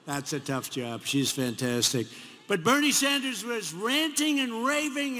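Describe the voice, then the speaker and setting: A man's voice: sits high, very animated, moderate pace, pushed and bright. A man in his seventies with a New York accent, giving a rambling campaign rally speech full of repetition and mocking asides in a large arena. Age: 70s. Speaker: politician. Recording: echoey arena, faint crowd noise.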